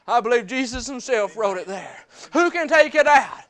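A man's voice: very high voice, lively intonation, normal speed, fairly bright tone. A man preaching a sermon in church, mixing personal testimony with scripture in plainspoken, folksy speech that repeats phrases for emphasis. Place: church service.

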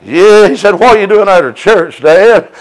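High-pitched preacher man. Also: expressive, moderate pace, rough recording. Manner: preaching with frequent "uh" fillers, rising into high chanted cries. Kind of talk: sermon testimony.

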